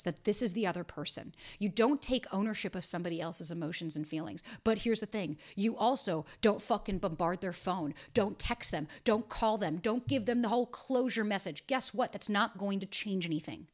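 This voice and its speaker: A woman in her thirties, a podcast host and dating coach, talks alone on a casual show in a mid-range voice. She speaks a little fast with few pauses, blunt and emphatic, swearing freely.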